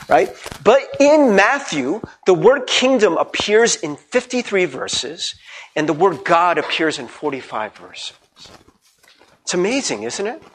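A man preaching a sermon as pastor, playful and animated, asking the congregation many questions. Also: high voice, slight background noise.

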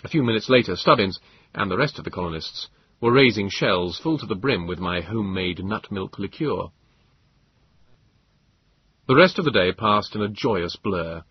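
A man narrating a story in the first person, with expressive, measured storytelling. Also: lowish voice, slightly rough, no echo, lo-fi sound. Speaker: audiobook narrator.

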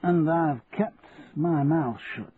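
Brief: male reader doing a wary old Yorkshire man, gruff and slow, tinny lo-fi recording. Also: a little high, voice pushed up. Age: older. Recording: tinny lo-fi radio recording, faint hiss.

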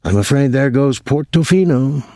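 Reading an audiobook, a man voices a calm, reassuring middle-aged boat owner, pitched above his own voice but close to an everyday one. It's mid-range at a moderate pace, studio quality with no room sound.

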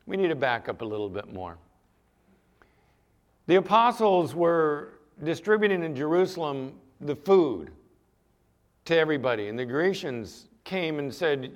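A man's voice: mid-range voice, expressive, measured pace. A man preaching a sermon as pastor, talking conversationally and putting questions to the congregation.

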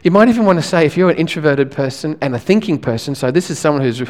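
A male pastor, preaching a sermon in a relaxed, conversational way, often restarting his phrases. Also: on the high side, fast talker, in a large hall.

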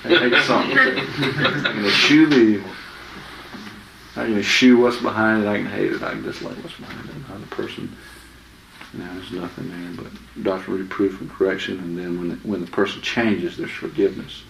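Bright-voiced man teaching scripture, echoey room. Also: on the low side, moderate pace, creaky, slight background noise. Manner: chatty, anecdotal, often laughing. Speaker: Bible teacher. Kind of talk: informal Bible teaching. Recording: echoey room with faint ambience.

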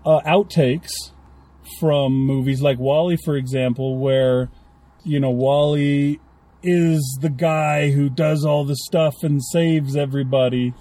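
Chatty man with a mellow voice. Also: a little high, fairly even intonation, slow pace. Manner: chatty, rambling, acts out little quotes. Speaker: podcast co-host. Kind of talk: casual chat.

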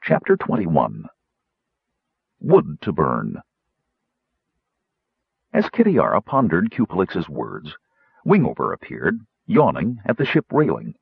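Low, husky-voiced male narrator. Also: wildly swooping pitch, no echo, highs cut off. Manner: measured storytelling, shifting into character voices. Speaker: audiobook narrator. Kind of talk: scripted fantasy narration.

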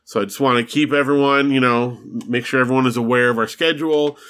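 A man's voice: medium pitch, steady tone, quick pace, fairly bright tone, clean tone. A man hosting a podcast in casual chat, talkative and laughing easily. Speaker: podcast host.

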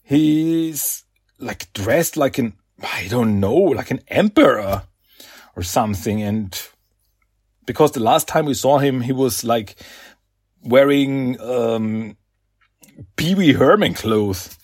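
A man's voice: mid-range voice, slow pace, long pauses, husky, no room sound, studio quality. A man hosting a podcast, casually recapping a comic with lots of fillers and laughs. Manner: animated, filler-heavy, laughs often. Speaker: podcast host.

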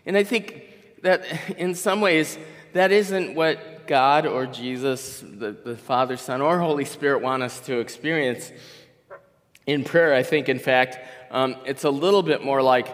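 An older man in his sixties speaks as a guest pastor, easing through a sermon in a chatty, storytelling way. He often restarts his sentences. His mid-pitched voice rings out with a long reverb, as in a church sanctuary. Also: unhurried, fairly bright tone. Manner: conversational, rambling storytelling with restarts.

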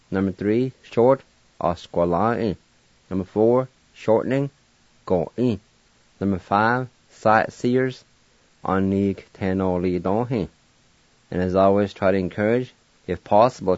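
Slow patient man teaching words. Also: low voice, a little mellow, no echo. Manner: patient, encouraging, spells letter by letter. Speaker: language teacher on a radio show. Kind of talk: slow spelled-out word lesson. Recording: dry, dull lo-fi radio sound.

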